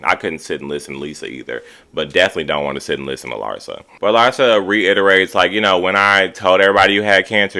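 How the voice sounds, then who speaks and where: A man recapping a reality TV episode in a chatty, sassy way, quoting the cast in animated voices. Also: low voice. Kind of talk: casual recap commentary.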